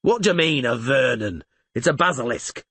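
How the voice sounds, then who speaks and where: A man's voice: mid-range voice, expressive, normal speed, fairly bright tone, breathy edge. A man reading an audiobook and voicing a pockmarked fairground showman who blusters and wheedles at the crowd. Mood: flustered, blustering.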